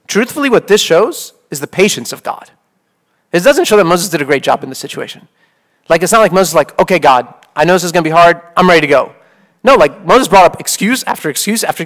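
A man's voice: high-pitched, sing-song, quick pace, fairly bright tone. A man in his thirties, a priest, giving a conversational sermon full of "like" and "okay?". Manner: casual, peppered with "like" and "okay?".

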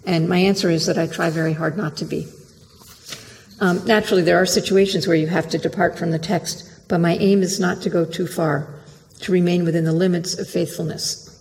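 A literary translator reading a prepared lecture in a measured, careful way, heard in a lecture hall. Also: medium pitch, steady tone, darkish tone. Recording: long hall reverb.

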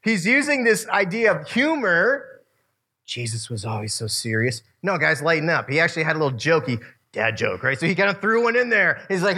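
A man preaching a casual, animated sermon to a youth group, using slang and quoting voices. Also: a little high, a little fast. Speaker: youth pastor.

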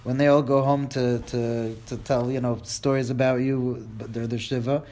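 A man leading a Torah class works through a Hebrew text line by line, reading each aloud and then translating it into English. He's dramatic and wry, joking with those listening. He speaks at medium pitch and normal speed, with a level delivery and a dark tone.

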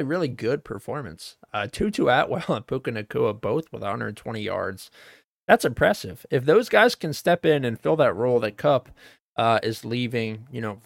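A man's voice: mid-range voice, dry recording, clean studio sound. A man co-hosting a sports podcast, talking in a loose, casual way with lots of fillers and the odd swear word. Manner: loose and profane, many fillers. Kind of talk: casual chat.

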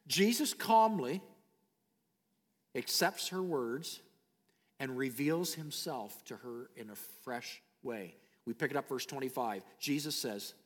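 A man preaching a sermon, animated, dropping to soft low tones when he reads scripture. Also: slow pace. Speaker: pastor. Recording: long hall reverb.

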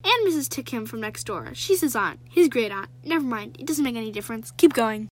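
A woman's voice: fairly high pitch, lively intonation, brisk. A young female reader voicing a blunt, impatient girl. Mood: curt.

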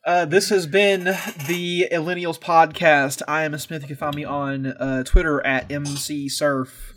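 A man co-hosting a podcast, chatting casually with animated, profane, jokey storytelling. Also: fairly high pitch, unhurried, a little hiss or hum. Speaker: podcast co-host. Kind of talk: casual chat.

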